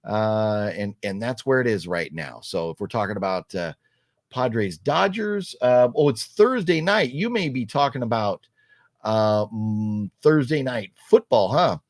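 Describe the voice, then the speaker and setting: Male streamer, casual rambling talker, very animated intonation, dry room. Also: a little slow, no room sound. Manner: rambling, restarts often, animated swings in pitch. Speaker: host of a livestream movie talk show. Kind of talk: casual live-stream chat reading comments.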